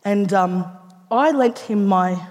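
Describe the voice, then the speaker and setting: A woman's voice: medium pitch, slow, darkish tone. A woman comedian with an Australian accent, telling a story with a laugh in her voice to a live audience. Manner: laughing, loose and chatty. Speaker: stand-up comedian. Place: theatre stage before an audience. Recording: reverberant live theatre recording, faint noise.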